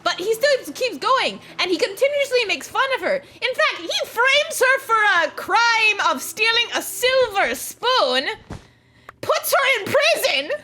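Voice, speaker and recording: A young woman retelling a fairy tale in casual chat while gaming, animated, ranting and incredulous. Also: very high voice, measured pace, slight background noise. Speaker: storyteller and gamer.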